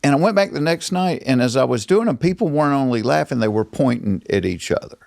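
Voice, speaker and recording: A man's voice: mid-range voice, fast talker, creaky, no room sound. An older man with a Georgia Southern accent, telling stories as a podcast guest in a studio and acting out the people he quotes. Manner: animated, acts out quoted people. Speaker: guest comedian. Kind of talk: storytelling in a podcast interview.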